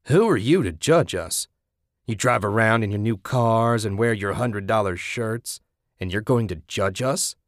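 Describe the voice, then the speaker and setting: A man voicing a crude, boastful older backwoods man with a loud, gruff manner, in an audiobook reading. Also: lowish voice, measured pace, no room sound, clean studio sound. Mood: indignant.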